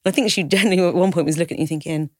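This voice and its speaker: A woman's voice: on the low side, very fast, darkish tone, dry recording, clean studio sound. A woman telling a personal story on a podcast, often breaking into the voices of the people in it and laughing nervously. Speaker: podcast co-host telling her own story. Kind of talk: candid conversational storytelling.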